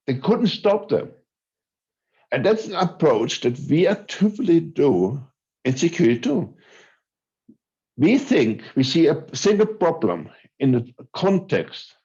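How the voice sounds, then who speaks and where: A man's voice: on the high side, big pitch swings, measured pace, a little mellow. Man giving an online talk. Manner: conversational, hesitant, with filler restarts. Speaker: conference speaker. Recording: dull lo-fi audio.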